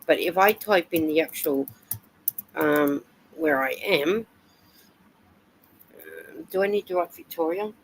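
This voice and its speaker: A woman's voice: lowish voice, slow pace, vocal fry, long pauses, a little hiss or hum, rough recording. An Australian woman hosting a live stream, chatting casually and reading out viewer comments and weather reports. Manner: chatty, reads comments and weather aloud with fillers.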